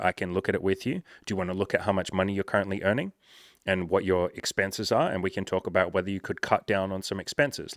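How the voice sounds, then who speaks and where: A man's voice: low voice, fairly bright tone, no room sound, clean studio sound. A man coaching on dating and sales in a blunt, casual, profane monologue.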